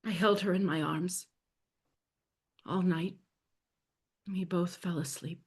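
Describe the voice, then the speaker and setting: A woman telling a dramatic story in the first person, speaking in a hushed voice that often sinks to a soft near-whisper. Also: fairly low pitch, fairly even intonation, slow pace, breathy edge.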